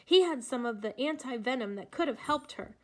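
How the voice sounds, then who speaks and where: A woman playing a hot-tempered young girl, blunt and scornful, her voice fairly high. She snaps and accuses in a storybook reading. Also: animated, a little fast, close to an everyday voice. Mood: furious. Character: fierce, angry young Black girl.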